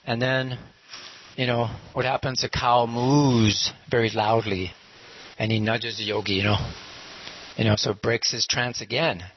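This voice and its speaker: A man's voice: mid-range voice, steady tone, unhurried, a little hiss or hum. A man casually retelling a parable, rambling with many fillers and acting out the characters' lines. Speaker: storyteller. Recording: muffled lo-fi recording.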